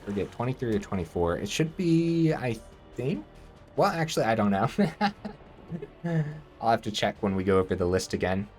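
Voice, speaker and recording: A man giving casual gameplay commentary, thinking aloud and breaking into excited outbursts. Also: fairly low pitch, normal speed, faint music behind.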